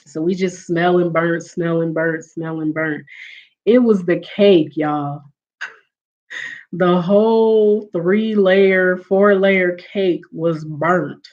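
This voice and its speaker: Laughing woman telling a family story. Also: mid-range voice. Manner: animated, laughs often, acts out quoted relatives. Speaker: livestream host. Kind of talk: casual storytelling to live chat. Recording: dull lo-fi audio.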